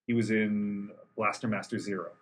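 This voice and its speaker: A man's voice: on the low side, fairly even intonation, moderate pace, a little hiss or hum. A man on a casual podcast, eager and joking, backing others up with constant agreement. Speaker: podcast host. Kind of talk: casual chat.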